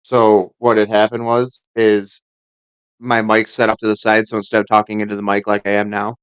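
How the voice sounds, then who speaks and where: A man with a fairly low, smooth voice talks sports on a casual podcast. He circles around his points, stopping and restarting, and the sound is dry and close. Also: monotone, no echo, poor audio. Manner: rambling, halting restarts. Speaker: podcast co-host.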